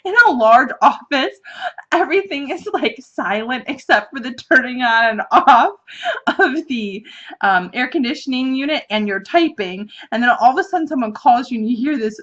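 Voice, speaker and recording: A woman in her thirties hosting a podcast, telling stories in a casual, chatty way, animated and laughing often as she talks from an office. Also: a little high, normal speed. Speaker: podcast host. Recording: dull lo-fi recording.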